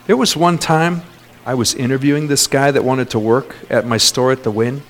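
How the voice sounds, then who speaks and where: A man preaching a sermon as pastor, lively, with call-outs and sudden jumps in pitch. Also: normal speed, slight background noise.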